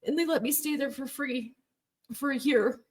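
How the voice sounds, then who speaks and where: A former Jehovah's Witness, a woman with a high voice speaking at normal speed, tells her personal story emphatically and emotionally. She recounts hard years, laughing now and then.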